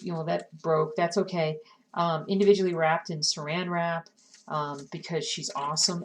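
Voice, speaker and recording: A woman's voice: fairly low pitch, distant mic. Chatty woman stitching, a bit off-mic. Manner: chatty, talks to herself and chat while working. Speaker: cross-stitch streamer. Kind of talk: casual live-stream chat while stitching.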